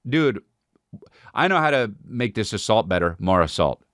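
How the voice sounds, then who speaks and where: A man's voice: fairly low pitch, sing-song, moderate pace, fairly bright tone, no echo. A man hosting a comedy podcast, ranting casually with a lot of swearing and calling people "dude.". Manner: profane, riffing, says dude a lot. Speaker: podcast host.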